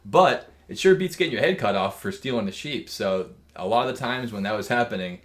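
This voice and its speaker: Low-voiced man telling a crude story. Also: animated, fairly quick. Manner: joking, profane, rambling storyteller. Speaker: podcast co-host. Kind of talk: casual crude comedic chat.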